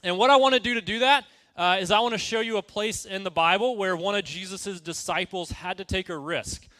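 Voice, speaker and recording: Youth pastor, male, high bright voice, casual energetic sermon style, dry sound. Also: brisk, no room sound. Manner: energetic, conversational, asks the room questions.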